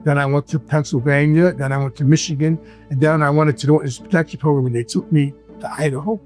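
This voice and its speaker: A man with a New York accent, his voice a little high and a bit mellow, talks fast with fairly even intonation while faint music plays behind him. He's a guest telling his life story, rambling casually and acting out the dialogue in his anecdotes.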